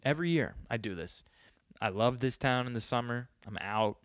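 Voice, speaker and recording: A New York man hosts a podcast with a rambling, profane, joking monologue. His medium-pitched voice is expressive at normal speed, studio quality with no room sound.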